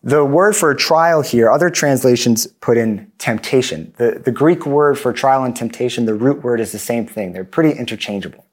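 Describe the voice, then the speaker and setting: Man preaching, earnest, plain-spoken, mid-pitched voice. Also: normal speed, hardly any pauses. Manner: earnest, plain-spoken, self-deprecating asides. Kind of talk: sermon.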